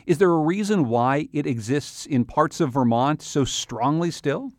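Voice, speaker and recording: A man hosting a radio interview, curious and quick to laugh. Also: fairly high pitch, expressive, no room sound, clean studio sound. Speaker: radio host.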